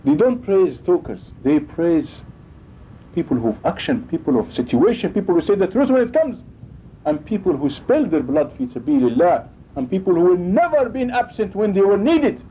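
Male preacher, high animated voice, emphatic delivery, dull lo-fi recording with faint rumble. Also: normal speed. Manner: emphatic, acts out quoted dialogue. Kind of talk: sermon.

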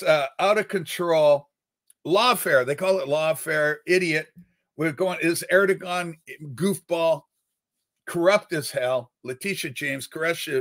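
A man's voice: sits high, bright, forceful tone. Rambling man hosting a livestream. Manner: rambling, reads viewer chat aloud; playful, theatrical outbursts. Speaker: livestream host. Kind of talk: casual livestream chat.

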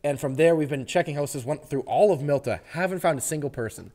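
A man co-hosting a casual gaming podcast, telling a rambling anecdote with fillers and quick laughs. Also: on the high side, a little mellow. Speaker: podcast co-host.

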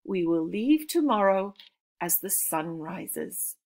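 A proud older father who speaks with warm but firm authority, as a woman reading a storybook puts him on. He talks slowly and a little louder than the narration. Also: on the low side, very animated, exaggerated voice.

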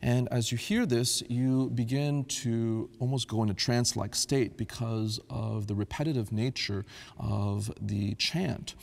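A priest giving an earnest, devout talk on liturgical chant, now and then singing a phrase to show how it sounds. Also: male voice, medium pitch, steady tone, unhurried, gravelly, big-room sound.

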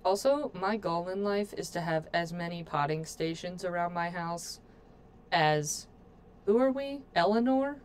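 A woman's voice: fairly low pitch, animated, unhurried, slight background noise. A woman streaming a game, chatting playfully to her viewers as she plays. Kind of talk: casual gameplay commentary.

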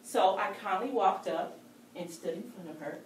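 A woman's voice: mid-range voice, moderate pace, a little hiss or hum. Playful woman storyteller, distant mic in a roomy hall, faint background ambience. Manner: animated and playful. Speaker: storyteller at a speaking club. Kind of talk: told personal story.

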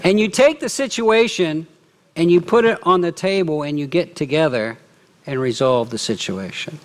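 A middle-aged man preaching a sermon as lead pastor, lively, often acting out quoted remarks. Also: fairly high pitch, moderate pace. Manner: animated, acts out quoted speech. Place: church.

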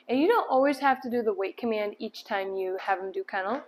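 A woman's voice: medium pitch, fairly quick, few pauses. A woman dog trainer explaining each step while giving short commands and praise to a dog in an indoor room. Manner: upbeat praise, firm cues.

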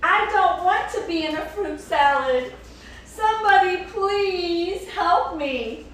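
A woman voicing a panicky crocodile who has swallowed a seed, with loud, drawn-out exclamations. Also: very high-pitched, lively intonation, very echoey, distant mic, slight background noise, voice pushed up, full character voice. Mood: alarmed.

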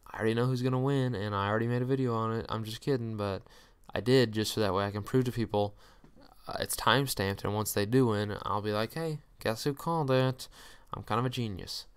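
A stock market YouTuber runs through company earnings in casual solo commentary, speaking fast in a smooth, fairly low voice with a steady tone. He's chatty and jokey, ranting at companies in mock fashion and then apologizing.

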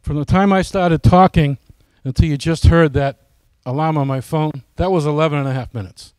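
A man's voice: a little high, fairly even intonation, normal speed, a little mellow, smooth, no echo. A man giving a casual, folksy presentation to his flying club, often asking the audience questions.

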